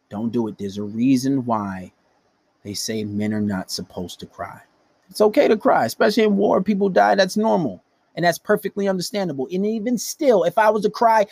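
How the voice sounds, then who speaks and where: A man's voice: fairly high pitch, dry recording. A man hosting a casual monologue, giving dating advice in a blunt, profane, emphatic way.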